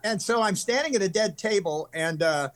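Older guy from california rambling through old stories, kinda high voice, earnest. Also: expressive, moderate pace. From California, USA. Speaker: guest, country singer. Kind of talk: casual interview chat.

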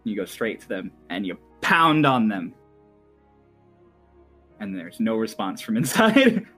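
A man's voice: fairly low pitch, big pitch swings, measured pace, a bit bright, soft background music. A man narrating as game master for a tabletop game, rambling and laughing often.

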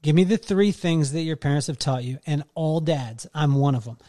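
An enthusiastic male podcast host with a fairly high voice. He rambles through his questions, restarting them as he goes, in an easy, chatty interview style. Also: moderate pace, warm tone. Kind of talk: casual interview chat.

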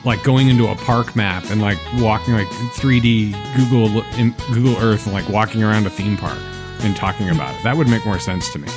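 Male podcast co-host, relaxed and low-voiced, guitar bed under him. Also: a little fast. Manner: easygoing, reads the show sign-off. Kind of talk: casual chat.

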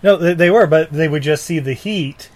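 A man's voice: a little high, moderate pace. Man recapping a movie plot. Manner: recaps plot, laughs easily. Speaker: podcast co-host. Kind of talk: casual movie chat.

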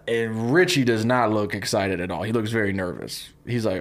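A man co-hosting a podcast, casually pitching a movie idea, rambling with many fillers and laughing easily. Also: normal speed, few pauses. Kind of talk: casual chat.

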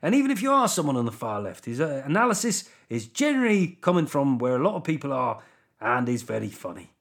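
A man's voice: medium pitch, big pitch swings, fast. A man putting on a mock Welsh accent that drifts toward West Country. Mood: mock-earnest.

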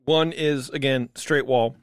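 A man's voice: mid-range voice, steady tone, unhurried, a little hiss or hum. A man co-hosting a casual beer-tasting podcast, rambling and joking, often breaking off mid-thought. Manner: rambling, self-interrupting, joking. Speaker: podcast co-host.

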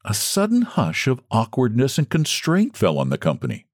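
Male audiobook narrator, expressive, lively intonation, dry close sound. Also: medium pitch, no echo. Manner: measured, expressive storytelling.

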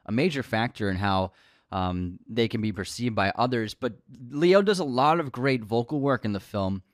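A man's voice: mid-range voice, expressive, normal speed, no echo, clean studio sound. A man casually discussing a film as a podcast co-host, talking conversationally with frequent restarts.

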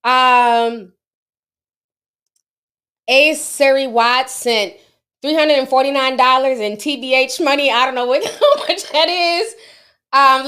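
Woman, middle-aged, livestream host, casual chat, high voice, laughs often. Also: pushed and bright.

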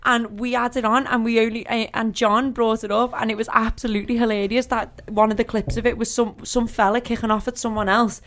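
A woman's voice: a little high, little pitch movement, fairly quick, hardly any pauses, a bit bright. A woman in a casual podcast chat, telling stories with a giggle and poking fun at herself. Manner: giggly, self-deprecating storyteller. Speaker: podcast co-host.

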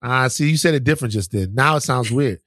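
A man's voice: mid-range voice, fast, dry recording. A man co-hosting a podcast, talking casually and teasing his co-host in disbelief. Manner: animated, incredulous teasing.

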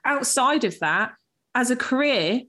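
A woman's voice: fairly high pitch, lively intonation, measured pace, sharp tone. A young woman co-hosting a podcast, ranting emphatically and swearing freely in casual chat. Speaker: podcast co-host.

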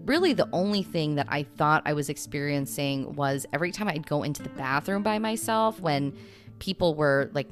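A woman podcast host telling a story in a casual, rambling way, full of little asides. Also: deep voice.

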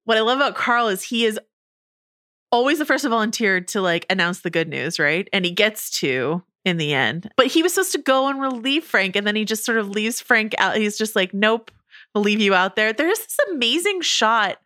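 A woman co-hosting a podcast, chatting casually with quick asides and laughs. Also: medium pitch, very animated, bright, forceful tone, no room sound, studio quality. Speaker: podcast co-host. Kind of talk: casual chat about a TV episode.

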